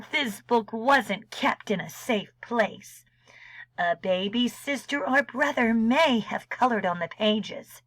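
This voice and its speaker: A woman librarian reading a storybook aloud to children, expressive and unhurried, dropping into soft whispers now and then. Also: fairly high pitch, no room sound, rough recording.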